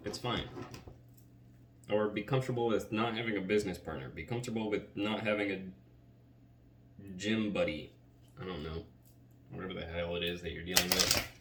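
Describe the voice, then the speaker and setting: A man with a fairly low voice talks through a casual tarot reading, rambling and chatty with plenty of "like." He sits some distance from the mic in a roomy, echoing indoor space. A faint hiss of noise runs underneath. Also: normal speed, long pauses, a bit bright. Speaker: tarot reader.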